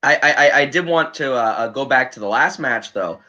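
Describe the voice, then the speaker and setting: A man's voice: mid-range voice, animated, brisk, sharp tone, lo-fi sound. A man co-hosting a casual wrestling podcast, rambling with stammered restarts and swearing. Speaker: podcast co-host. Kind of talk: casual chat.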